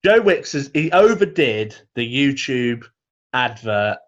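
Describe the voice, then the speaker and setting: A man co-hosting a comedy podcast from home over a video call, grumbling and mock-ranting with a dry edge. His voice swings widely in pitch, and the audio is dull and lo-fi, as on a video call. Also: big pitch swings, takes it slowly. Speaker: podcast co-host. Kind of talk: casual comedic chat. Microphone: video call microphone.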